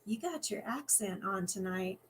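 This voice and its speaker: A woman's voice: mid-range voice, lively intonation, moderate pace, a little hiss or hum, close to an everyday voice. Storybook read-aloud: an earnest young male cop, friendly and easygoing, voiced by a woman author.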